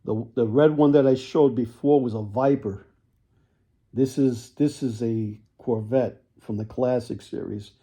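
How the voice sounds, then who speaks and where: Man, dark husky voice, unhurried, casual sales patter, clears his throat a lot. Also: medium pitch, fairly even intonation. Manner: folksy salesman patter, repeats himself, frequent throat clearing. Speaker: toy car seller.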